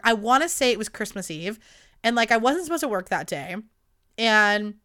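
A woman in her twenties telling a rambling, animated story in a casual monologue, swearing freely. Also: medium pitch, smooth. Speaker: podcast host.

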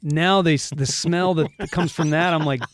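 A man hosting a casual podcast chat, asking quick questions, laughing often and repeating words. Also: on the high side, fairly even intonation. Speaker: host.

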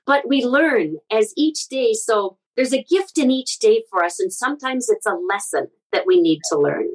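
A middle-aged woman from the Midwest, a guest speaker sharing personal stories in an interview, earnest and animated. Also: fairly high pitch, moderate pace, poor audio. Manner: earnest, animated storyteller with frequent restarts. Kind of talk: conversational interview storytelling.

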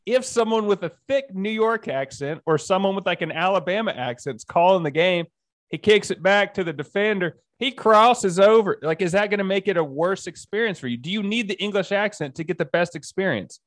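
A man's voice: high-pitched, lively intonation, fairly quick, hardly any pauses, dry recording, studio quality. A man co-hosting a sports podcast in casual, teasing banter. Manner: joking, teasing, argumentative. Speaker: podcast co-host.

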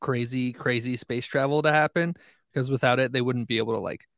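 A man co-hosting a casual book podcast, relaxed and chuckling, often trailing off. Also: medium pitch, brisk, no room sound, studio quality. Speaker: podcast co-host.

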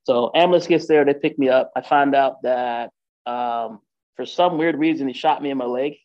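A man's voice: medium pitch, normal speed. A man telling a personal story in a loose, conversational way, with lots of fillers and "right?" asides. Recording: dull lo-fi recording.

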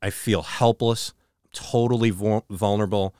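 A man co-hosting a casual podcast, recorded close and dry with no room sound. His voice sits a little low and comes through clean and smooth. He tells his story earnestly, stumbling over restarts and dropping to a slow hush on the heavy moments. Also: steady tone, no room sound. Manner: earnest, halting retelling with frequent restarts; slows and drops to a low hush on dramatic moments. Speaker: podcast co-host.

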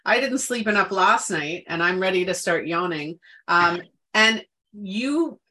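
A woman's voice: medium pitch, expressive, a little slow, sharp tone. Emphatic woman chatting about wellness. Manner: emphatic, repeats words for stress. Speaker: podcast co-host. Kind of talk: casual wellness chat.

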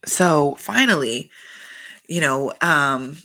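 A woman's voice: low voice, slow pace. Chatty, swearing woman recapping gossip. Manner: profane, filler-heavy with constant "like"; animated, acts out quotes with laughter. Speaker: reality show recapper. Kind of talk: casual recap chat.

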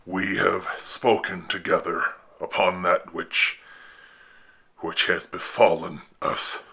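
A man reading an audiobook horror tale, voicing a sorrowful, pious castaway who speaks slowly and haltingly in a hushed, gravelly voice. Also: deep voice, full character voice. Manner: slow, halting, subdued delivery.

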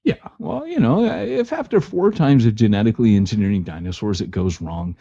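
Husky, joking male podcast co-host. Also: fairly low pitch, big pitch swings, brisk, mellow. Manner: teasing, joking. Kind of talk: casual chat. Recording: slightly muffled lo-fi audio.

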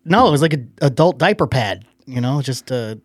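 A man's voice: medium pitch, expressive, brisk, no room sound, clean studio sound. A man co-hosting a podcast, chatting casually and telling anecdotes with acted-out quotes. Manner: chatty storyteller, acts out quoted voices. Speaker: podcast producer co-host. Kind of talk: casual chat.

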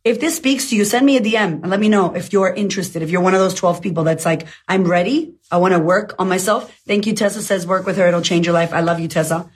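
Husky woman coach talking into her phone, blunt and fired up, swears a lot. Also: on the low side, fast talker, hardly any pauses. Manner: blunt, fiery, swears freely. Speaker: life coach. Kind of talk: motivational live talk.

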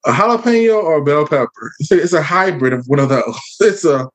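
A man's voice: on the high side, animated, fairly quick. A man on a casual discussion panel, rambling and repeating words, playfully judging. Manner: rambling, repeats words while searching for them. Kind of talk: casual group chat.

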